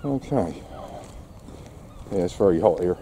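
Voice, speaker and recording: A man's voice: low-pitched, lively intonation, unhurried, warm tone, slight background noise. Wry Englishman narrating a seaside dog walk. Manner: wry, sarcastic asides to camera and dog. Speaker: vlogger walking his dog. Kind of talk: casual outdoor vlog commentary. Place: outdoors on a seaside quay.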